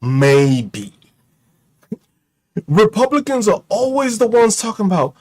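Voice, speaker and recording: With a high yet darkish voice, a male streamer delivers a mocking, profane rant to people watching online. He's very animated but slow, leaving long pauses between rhetorical questions and laughing at his own jokes.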